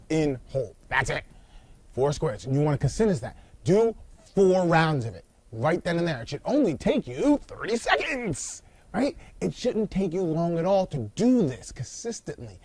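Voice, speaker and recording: A man's voice: fairly high pitch, darkish tone, no echo. Coaching man with a dry close sound. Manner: coaching, demonstrates breathing and acts out worried clients. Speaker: anxiety and body coach. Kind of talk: instructional video talk. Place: seated on a floor indoors.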